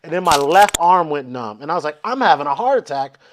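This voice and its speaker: A man's voice: a little high, sing-song, a little fast, a bit bright. A man telling a long funny story, acting out quotes and swearing freely as he goes. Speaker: comedian guest. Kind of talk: storytelling on a comedy podcast.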